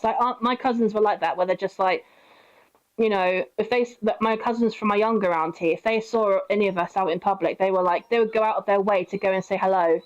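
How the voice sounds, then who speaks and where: A woman's voice: medium pitch, fairly even intonation, fast talker, highs cut off. A young woman streamer telling a story while playing, chatty, laughing often and swearing freely. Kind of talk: casual storytelling while gaming.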